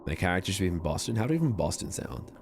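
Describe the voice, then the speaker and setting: A male streamer talks casually to his viewers and jokes about himself as he plays. His voice is very low with a gravelly edge, and his pitch rises and falls a lot. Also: very animated, very fast, background noise. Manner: chatty, self-mocking asides.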